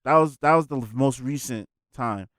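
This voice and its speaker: A man in a casual podcast chat, telling stories in an animated, profane way. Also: medium pitch, normal speed, no room sound, studio quality.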